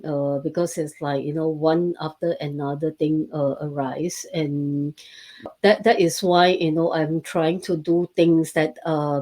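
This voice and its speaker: Slow, hesitant woman host. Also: low-pitched, a little mellow. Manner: hesitant, many fillers. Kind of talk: casual interview chat.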